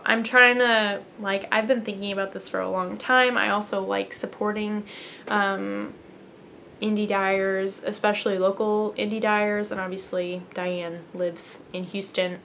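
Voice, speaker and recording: A woman's voice: medium pitch, pushed and bright, slight background noise. A young woman, hosting a knitting podcast from her apartment, chatting casually and bubbly with lots of fillers. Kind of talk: casual chat to camera. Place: apartment at home.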